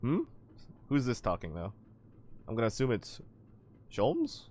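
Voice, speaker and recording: A man reacts and chats while he streams a game, his voice lively and bouncing. A faint hum of room noise sits behind him. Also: fairly low pitch, normal speed, pauses often. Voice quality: chatty, animated, reactive. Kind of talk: casual game commentary.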